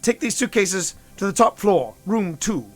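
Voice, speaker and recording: A man's voice: high voice, sing-song, measured pace, faint music behind, pitched above the performer's own voice. A man voicing a pompous, snobbish male hotel clerk who speaks in a clipped, condescending way. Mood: bossy.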